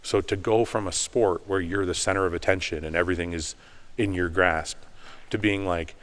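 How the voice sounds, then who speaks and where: Deep-voiced, intense man telling it straight. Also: moderate pace. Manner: intense, animated storytelling with rising emphasis. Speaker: podcast guest, bodybuilder turned business owner. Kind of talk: candid conversational interview.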